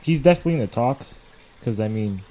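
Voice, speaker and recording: A man's voice: medium pitch, expressive, fast, mellow. A man chatting casually as a podcast co-host, easygoing, with short replies and hedged takes. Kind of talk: casual chat.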